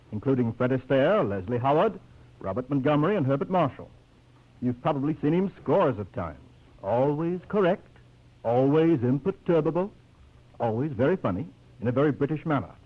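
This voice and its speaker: A man announcing on a 1930s radio variety show, giving polished, measured introductions. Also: medium pitch, very animated. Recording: muffled 1930s radio broadcast.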